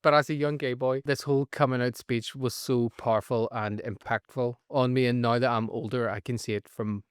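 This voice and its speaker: A man in his thirties hosting a podcast, speaking earnestly with joking asides. His voice is smooth and mid-pitched, recorded close and dry. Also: steady tone, a little fast, no room sound. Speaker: podcast host. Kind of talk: casual chat.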